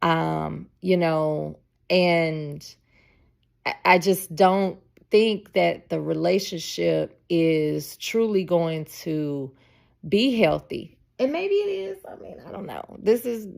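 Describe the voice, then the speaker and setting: A woman's voice: lowish voice, animated, slow pace, creaky, a little mellow. A woman in her forties, a podcast host chatting in a casual storytelling monologue, emphatic and often laughing. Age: 40s.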